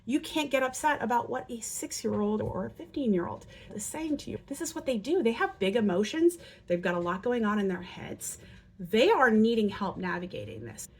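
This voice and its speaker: Speaking at normal speed in a fairly high, slightly rough voice, a parenting educator earnestly talks parents through dealing with kids' behavior. She brings example lines to life with animated voices in this instructional talk.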